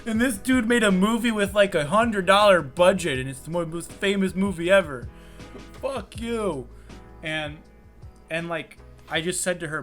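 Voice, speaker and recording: This young co-host's voice sits high and his pace is moderate, with soft music playing underneath. On a remote call mic, he chats casually and animatedly, rambling with many fillers and swearing a lot.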